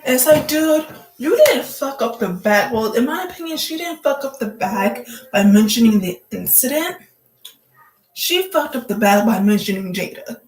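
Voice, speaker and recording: A woman's voice: on the high side, lively intonation, normal speed, darkish tone, reverberant, rough recording. A woman vlogger giving casual gossip commentary, blunt, profane and joking, full of "like" fillers.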